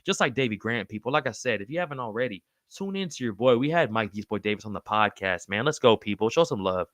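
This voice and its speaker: Man, live stream host, excitable, swears a lot, bright tone, dry close sound. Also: lowish voice, fast talker, dry recording. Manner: excitable, swears freely, calls everyone brother. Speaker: podcast host reading live chat. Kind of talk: casual live-stream chat.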